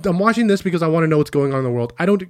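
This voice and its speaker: Young male podcast host, slightly high voice, loose and profane, riffing in lively rants. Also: racing, clear, resonant tone. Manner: animated, swears freely, riffs with playful rants. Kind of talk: casual chat.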